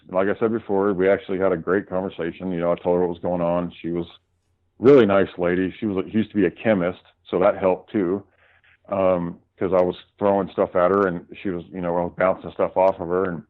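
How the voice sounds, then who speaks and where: A man's voice: low voice, steady tone, a little fast, narrow, tinny audio. A male guest casually recounting his run-ins with doctors in a heated, profane way. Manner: heated, profane retelling of arguments. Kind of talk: casual storytelling.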